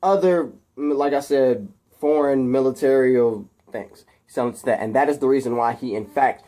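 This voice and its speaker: A man's voice: mid-range voice, moderate pace, dark tone. A man casually recapping a film scene, rambling through the story and getting more worked up as the action builds. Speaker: video host retelling a film.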